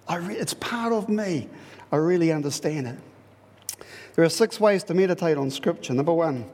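A man preaching a sermon in a lively, conversational way, repeating phrases for emphasis. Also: on the high side, in a large hall. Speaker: pastor.

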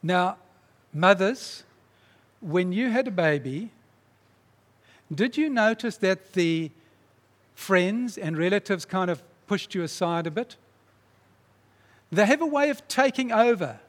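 A man preaching, retelling a story in a dramatic, animated way. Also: high-pitched, takes it slowly, pauses often. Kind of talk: sermon storytelling. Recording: long reverb in a large hall.

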